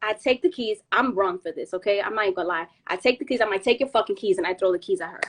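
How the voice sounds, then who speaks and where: A woman's voice: mid-range voice, racing. A woman in her thirties hosting a podcast, telling a story in casual chat with slang and swearing, acting out what people said. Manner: animated, acts out quotes with slang and swearing. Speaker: podcast host.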